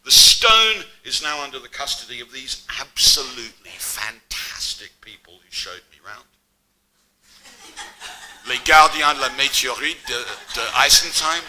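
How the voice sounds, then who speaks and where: A man's voice: mid-range voice, pushed and bright, slight background noise, poor audio. A middle-aged man giving an academic public lecture, mixing scholarly narration with wry asides.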